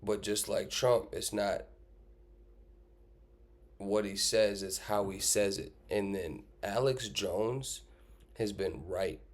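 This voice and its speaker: A man's voice: on the low side, fairly even intonation, slow pace, pauses often. A man casually commenting on clips he has just played, blunt and profane, firing off rhetorical questions.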